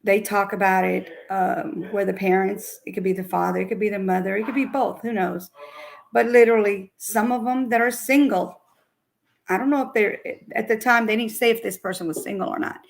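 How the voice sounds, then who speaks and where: A woman's voice: medium pitch, steady tone, fairly quick, gravelly. A middle-aged woman hosting a casual talk about news cases, rambling with many restarts and a little out of breath. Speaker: host.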